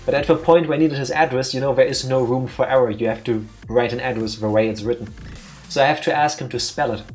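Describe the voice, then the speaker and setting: A man co-hosting a let's play stream, telling a lively anecdote in a casual, chatty way and acting out the voices in it. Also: mid-range voice, fast talker, faint music behind. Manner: animated anecdote teller, acts out voices.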